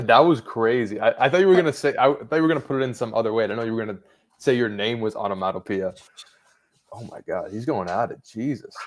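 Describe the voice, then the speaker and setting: A man's voice: medium pitch, fast. A man co-hosting a live show, teasing his partner and laughing often. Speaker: co-host.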